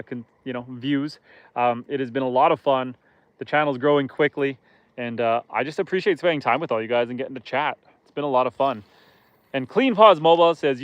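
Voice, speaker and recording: A man's voice: medium pitch, brisk, clean tone, no echo, lo-fi sound. A man hosting a casual live stream outdoors on a lake from a boat, chatting with viewers in a joking, self-deprecating way.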